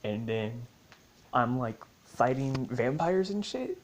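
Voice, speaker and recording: A man chatting loosely and profanely, jumping into quick acted-out quotes as he jokes his way through a recap. His voice sits at an ordinary middle pitch, with a faint hiss underneath. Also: very animated, low-quality recording. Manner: profane, jokey, acts out other players' lines. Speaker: vlogger recapping a game server's story.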